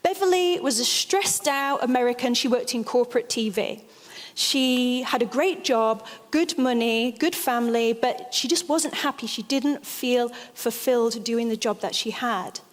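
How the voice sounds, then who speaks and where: A woman speaks from a stage in an animated storytelling manner, leaning hard on key phrases. Her voice sits a little high. The sound rings with the long reverb of a large hall. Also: a little slow. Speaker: speaker giving a stage talk. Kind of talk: storytelling lecture.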